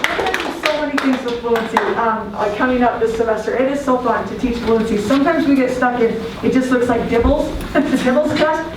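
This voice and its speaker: Upbeat high-voiced woman professor. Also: fairly quick, hardly any pauses. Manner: upbeat and encouraging. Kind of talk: classroom teaching. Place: classroom. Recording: echoey classroom, distant mic, loud noise.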